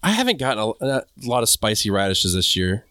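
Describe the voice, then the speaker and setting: A man's voice: on the low side, sing-song, fairly quick, sharp tone, clear, resonant tone, no echo, clean studio sound. A man co-hosting a casual gardening talk, chatty and candid, often stopping to rephrase himself. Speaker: podcast co-host.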